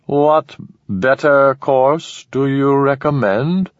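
Man doing a slow, cold alien voice. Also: mid-range voice, no room sound, pitched above the performer's own voice, lightly acted. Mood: cold, formal. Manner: slow, measured and formal. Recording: slightly dull lo-fi recording.

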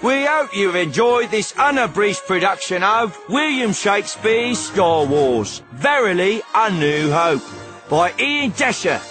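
A man's voice: sits high, sing-song, unhurried. A man reading audiobook closing credits in a polished announcer style. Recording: voice over loud music bed.

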